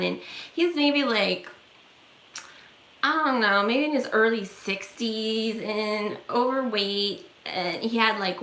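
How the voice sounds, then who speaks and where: A woman's voice: a little high, pushed and bright. A woman vlogger telling a story on a livestream in a rambling, chatty way, full of fillers, in an echoey room. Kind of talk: casual storytelling.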